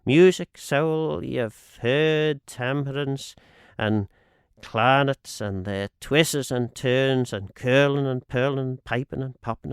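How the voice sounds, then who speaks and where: A man reading a dialect narrative poem aloud on radio, measured and expressive, lifting and dropping his voice for the quoted speakers. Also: smooth, no room sound, studio quality. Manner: measured and expressive, swinging pitch on quoted lines. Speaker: radio reader. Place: radio studio.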